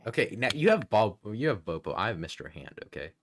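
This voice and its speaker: Low-voiced man swearing and giggling on stream. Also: sing-song, fast talker. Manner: profane, giggly, rambling. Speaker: VTuber streamer host. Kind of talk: casual stream chat.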